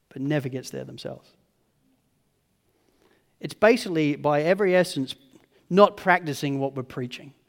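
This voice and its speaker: A pastor in his thirties delivers a sermon, slipping into lively voices to act out scenes. His voice sits high and sounds bright and forceful. The room behind him adds a long, ringing reverb. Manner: animated, acts out family scenes in voices. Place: church hall.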